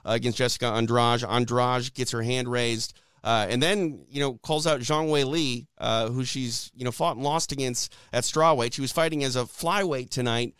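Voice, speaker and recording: Smooth-voiced man hosting a fight show. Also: mid-range voice, steady tone, moderate pace, hardly any pauses, fairly bright tone, dry recording, studio quality. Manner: chatty, frequent "uh" and "you know" fillers. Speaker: podcast host. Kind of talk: casual sports chat.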